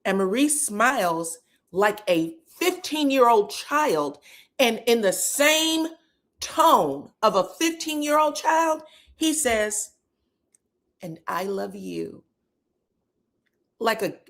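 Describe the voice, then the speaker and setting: A woman commenting casually on a reality show, acting out the cast's lines in sudden, sharply higher voices. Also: slow pace. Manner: animated, acts out quotes from the show with big pitch jumps.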